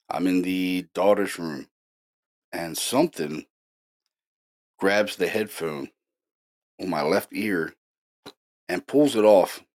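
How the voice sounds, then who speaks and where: Casting: deep-voiced male host, casual storyteller, animated and excited, filler-heavy. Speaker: paranormal investigator host.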